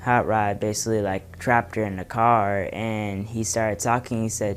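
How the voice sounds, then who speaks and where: A man's voice: fairly low pitch, little pitch movement, moderate pace, few pauses, over music. Rambling casual man recapping movie scenes. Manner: loose, filler-heavy storytelling. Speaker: impressions vlogger.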